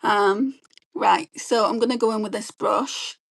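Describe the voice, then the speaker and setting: A woman, chatting quickly and rambling as she does her makeup and reads viewer comments on a beauty livestream. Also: medium pitch, vocal fry. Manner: fast-talking, chatty, rambling. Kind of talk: casual chat while doing makeup and reading live comments.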